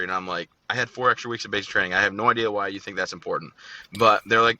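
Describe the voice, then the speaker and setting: Fast-talking, bright-voiced veteran man. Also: lowish voice, steady tone, dull audio, slight background noise. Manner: joking, blunt, fast-talking storyteller. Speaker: guest, Army veteran. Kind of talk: casual storytelling interview.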